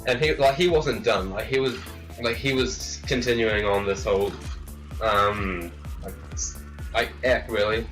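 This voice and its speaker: A man's voice: lowish voice, measured pace, a bit bright. A teenage man casually telling a story as a vlogger, rambling with lots of "like" fillers. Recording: distant mic with faint music.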